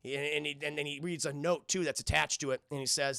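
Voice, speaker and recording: A man's voice: fairly high pitch, steady tone, quick pace, gravelly, pushed and bright, clear, resonant tone, no room sound, clean studio sound. A man casually retelling and reviewing a cartoon episode for his live chat, rambling, swearing and restarting often. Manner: rambling, profane, keeps addressing the chat, frequent restarts.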